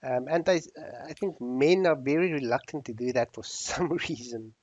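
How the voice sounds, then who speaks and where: A man hosting a casual chat about dogs, easygoing and quick to laugh. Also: mid-range voice, a little mellow, dry recording, lo-fi sound. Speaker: host.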